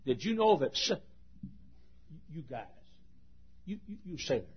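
Animated older male preacher, lo-fi recording. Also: a little high, unhurried, slightly rough. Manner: animated storytelling, swings from shouts to hushed asides. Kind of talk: sermon. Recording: dull lo-fi old recording.

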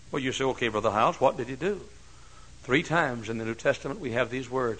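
A pastor preaching a sermon, moving from hushed storytelling to loud, shouted climaxes. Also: male voice, medium pitch, quick pace, rough recording.

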